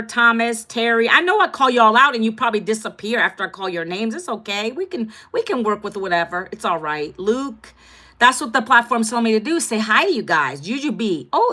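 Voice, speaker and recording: A woman in her fifties talks casually into her phone on a livestream. Her voice is bright and sits a little high for a woman. She greets viewers by name and keeps the chat upbeat and friendly. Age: 50s. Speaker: content creator.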